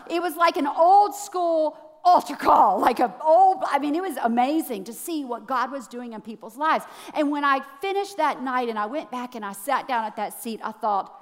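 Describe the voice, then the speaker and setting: A woman preaches an animated sermon to a church, swinging from hushed, low passages to loud, excited ones. The audio has a big-room sound.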